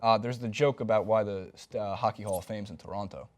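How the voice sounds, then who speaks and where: A man's voice: on the low side, fairly even intonation, quick pace. A man co-hosting a sports talk show in loose, joking casual chat, with many fillers.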